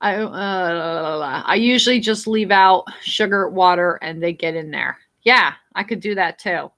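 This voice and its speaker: Blunt New Jersey woman, bright voice. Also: fairly low pitch, measured pace. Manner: rambling, blunt, swears freely. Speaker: livestream host. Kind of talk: casual live-stream chat reading viewer comments.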